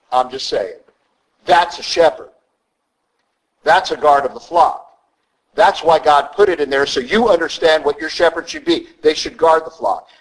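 Brief: a plain-spoken preacher, a touch high-voiced, driving his points home bluntly. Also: rough recording. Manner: blunt, conversational, emphatic. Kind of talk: sermon.

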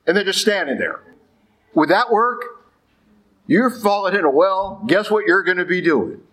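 A man's voice: fairly high pitch, a bit bright, rough recording. A man preaching a sermon as a Catholic priest, talking conversationally with rhetorical questions and frequent check-ins with the congregation.

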